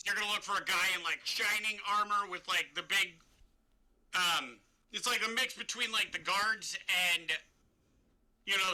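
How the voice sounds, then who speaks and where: Bright-voiced man running a tabletop game. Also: high voice, poor audio. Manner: rambling, halting description with many fillers. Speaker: game master.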